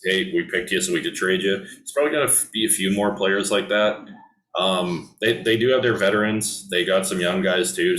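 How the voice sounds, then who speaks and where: A man's voice: low voice, fairly bright tone, reverberant, low-quality recording. A man hosting a casual hockey podcast, talking loosely with many ums and restarts. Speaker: podcast host. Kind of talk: casual sports chat.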